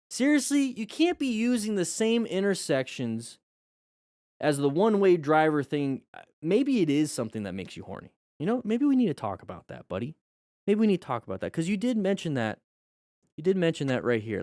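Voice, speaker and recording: A motorcycle instructor hosts a casual livestream commenting on riding videos, joking and teaching loosely with lots of fillers. His mid-range, slightly mellow voice comes through in studio quality with no echo.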